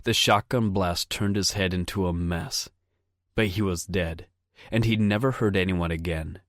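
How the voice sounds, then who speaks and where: Audiobook narrator: low, unhurried, measured man, dry studio read. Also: dry recording. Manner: steady, measured reading. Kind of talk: scripted narration.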